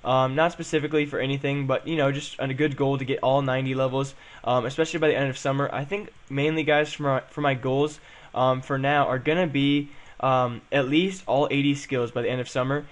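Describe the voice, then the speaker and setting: Young guy rambling thru his game vid, talks super fast, mid pitch, lots of ums. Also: flat delivery. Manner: rambling, chatty, frequent "um" and "guys". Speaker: gaming channel host. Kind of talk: casual game commentary.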